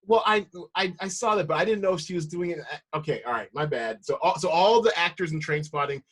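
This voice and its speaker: American male host, somewhat high voice, rambling self-correcting chat. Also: fast talker, fairly bright tone. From United States. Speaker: podcast host. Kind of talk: casual podcast chat.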